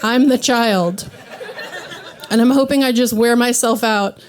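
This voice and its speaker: A woman in her thirties hosting a stand-up comedy set, self-deprecating and animated as she acts out what others say. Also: on the high side, measured pace. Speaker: comedy show host. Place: live comedy venue with audience.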